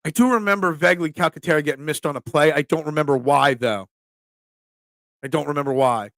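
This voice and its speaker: A man's voice: fairly high pitch, brisk, no room sound, clean studio sound. A man hosting a casual sports talk live stream, reading viewer comments aloud and answering them with emphatic opinions. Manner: animated, emphatic, reads chat aloud.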